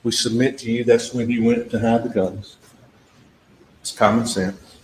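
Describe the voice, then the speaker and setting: A man's voice: mid-range voice, level tone, a little slow. A man giving a closing argument to a jury, emphatic and repetitive, speaking straight to the jurors in a courtroom. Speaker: trial attorney. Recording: echoey courtroom audio with faint background noise.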